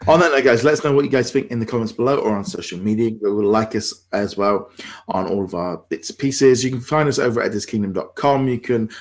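A man's voice: lowish voice, quick pace. A man hosts a laid-back gaming podcast. He talks in a chatty, meandering way, with plenty of "you know" and loose phrasing as he makes his points to listeners. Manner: chatty, rambling with fillers. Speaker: podcast host. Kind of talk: casual gaming chat.

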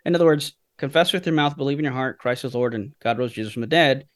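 Man, podcast guest, middle pitch, storytelling, rhetorical questions, teaching tone. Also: fast talker, no echo, studio quality. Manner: teaching through anecdotes, asks himself questions. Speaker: guest speaker.

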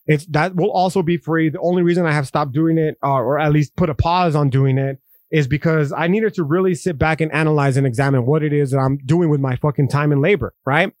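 A man's voice: a little high, fairly even intonation, a little fast, no room sound, clean studio sound. Profane, rambling man podcasting. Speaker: podcast host. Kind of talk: casual podcast monologue.

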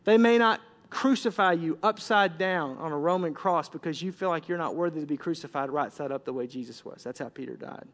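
A male pastor preaching a sermon with animated delivery, swinging between loud bursts and hushed lines. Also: on the high side, a little fast, few pauses. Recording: long reverb of a large hall.

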